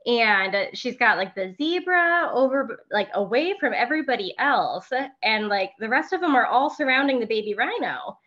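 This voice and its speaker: A woman with a fairly high voice tells classroom stories in a loose, animated chat, with "like" running through nearly every sentence. She comes across as a preschool teacher swapping anecdotes. The recording is a bit dull and lo-fi. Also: normal speed. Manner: chatty, fills speech with "like", animated. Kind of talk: casual storytelling chat.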